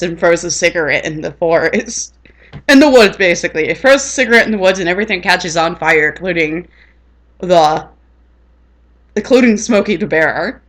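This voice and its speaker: A woman's voice: lowish voice, a bit bright. A woman rambling in casual chat on her vlog, laughing often. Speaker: vlogger.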